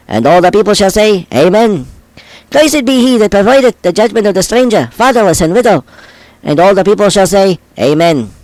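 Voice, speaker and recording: A man reading scripture aloud in a measured, solemn cadence, phrase by phrase. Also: sits high, darkish tone, dry recording, poor audio.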